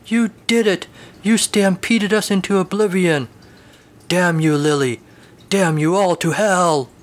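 A man voicing a panicky grown cowboy in a storybook tale, with a shrill, whiny voice. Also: normal speed, fairly bright tone. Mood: panicked. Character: panicky grown male cowboy lost in the future.

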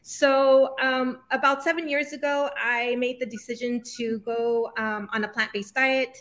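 A woman's voice: fairly high pitch, steady tone, measured pace, a bit bright. A woman scholar speaking as an interview guest, thoughtful and reflective. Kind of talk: conversational interview.

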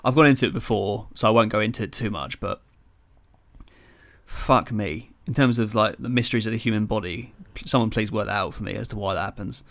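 Twenties man, slightly low voice, crude banter as podcast co-host. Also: a little fast, vocal fry, fairly bright tone. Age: 20s. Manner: swears freely, jokey banter. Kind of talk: casual chat.

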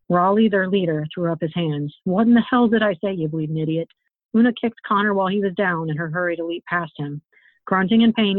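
A woman's voice: on the low side, no room sound. Woman author reading fantasy aloud, tinny. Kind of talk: reading her own novel aloud. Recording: tinny phone-like, dry sound.

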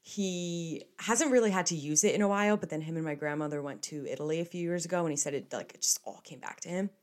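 A young woman from the United States hosting a podcast alone, telling stories in a chatty, animated way with playful asides. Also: on the low side, fast. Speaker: podcast host. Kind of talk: casual solo podcast chat.

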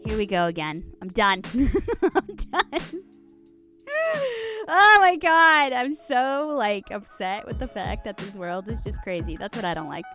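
A woman's voice: mid-range voice, sing-song, measured pace, bright, forceful tone, faint music behind. A woman co-hosting a radio show, exasperated and rambling, often laughing. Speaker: radio co-host. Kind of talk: casual morning radio banter.

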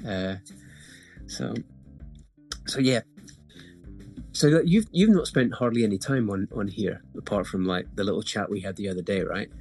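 A man hosting a casual chat, relaxed and hesitant, often repeating words. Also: lowish voice, normal speed, pauses often, soft background music. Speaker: host.

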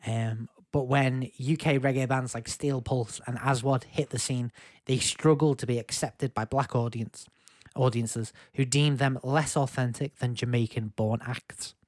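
A man's voice: medium pitch, steady tone, a little slow, few pauses, darkish tone, no room sound. Casual English podcast man, close dry mic. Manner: rambling, lots of fillers and restarts. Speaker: podcast co-host. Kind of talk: casual music podcast chat.

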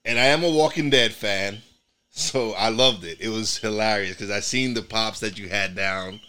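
A man's voice: lowish voice, normal speed, pushed and bright, smooth. A man from New York hosting a podcast in casual chat, rambling with many restarts and repeated words. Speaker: podcast host.

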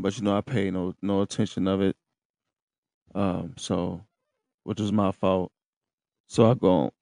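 A man's voice: deep voice, gravelly, mellow, no echo, clean studio sound. A man hosting his own podcast, telling a personal story in a loose, profane, casual way and speaking straight to his listeners. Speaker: podcast host.

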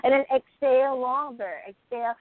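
A woman life coach calmly guiding a breathing exercise and giving advice in a casual conversation. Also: high voice, normal speed, no room sound. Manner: calm, guides a breathing exercise by counting. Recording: tinny phone-like line.

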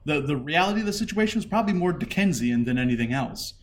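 A man's voice: a little high, lively intonation, fast talker, slight background noise. A man co-hosting a casual podcast, explaining things thoughtfully with some restarts. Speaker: podcast co-host.

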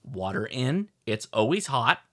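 A middle-aged man co-hosting a podcast, telling a rambling, animated story with lots of restarts. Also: mid-range voice, a little slow. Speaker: podcast co-host. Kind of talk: casual chat.

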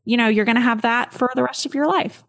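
A woman host with a higher voice leads a casual chat, friendly and quick to giggle. Her voice is recorded close and dry. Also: no room sound. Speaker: podcast host.

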